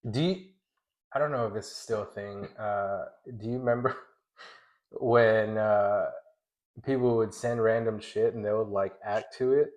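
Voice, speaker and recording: A man's voice: fairly low pitch, steady tone, measured pace, darkish tone. A man in his thirties co-hosting a casual podcast, talking in a laid-back way, swearing a lot and laughing often. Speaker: podcast co-host. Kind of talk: casual chat.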